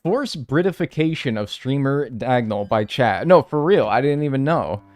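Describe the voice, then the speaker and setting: A man's voice: mid-range voice, normal speed. A man streaming a game live, chatting with his viewers and swearing freely as he plays. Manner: animated, swears freely, banters with chat. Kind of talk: live gameplay commentary.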